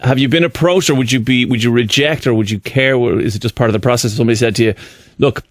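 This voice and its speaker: A man co-hosting a radio show, talking quickly in long rambling questions. His voice has a middle pitch. The studio sound is dry and close. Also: dry recording. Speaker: radio co-host. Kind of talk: radio interview chat. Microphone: studio microphone.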